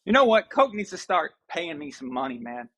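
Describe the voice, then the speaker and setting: A man's voice: a little high, very animated, brisk, a bit bright. A man hosting a sports live stream, chatting casually and ranting with mock outrage to his viewers.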